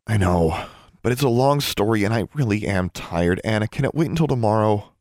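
A man voicing a brisk, tired young schoolgirl witch in an audiobook. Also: lowish voice, animated, darkish tone, no echo, clean studio sound, pitched above the performer's own voice. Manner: brisk, weary.

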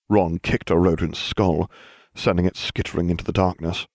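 A man reading a story aloud in a lively, animated way. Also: low-pitched, moderate pace, no echo, clean studio sound. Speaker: narrator. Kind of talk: reading fan fiction aloud.

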